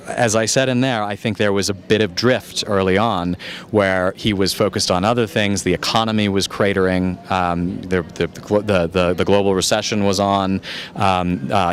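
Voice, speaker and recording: A man from the United States, a journalist, answering audience questions after a film screening in a calm, measured, thoughtful way. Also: low voice. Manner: thoughtful, searching for words.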